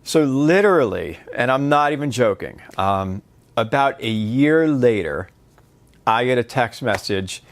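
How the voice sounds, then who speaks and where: A dating coach, a man with a mid-pitched voice, tells a story straight to camera. His delivery is loose and rambling, full of fillers and restarts. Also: animated, measured pace.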